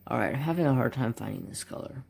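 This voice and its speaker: A man's voice: mid-range voice, expressive, quick pace, gravelly, husky. A man in his forties chatting casually as a craft channel host, rambling and joking with muttered asides while swatching markers at his home desk.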